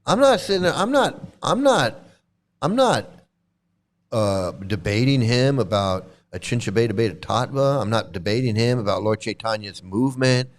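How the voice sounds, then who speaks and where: A man's voice: mid-range voice, lively intonation, normal speed. A man hosting a casual reaction commentary, blunt and mocking, who swears freely and repeats his points. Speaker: channel host commenting on a livestream.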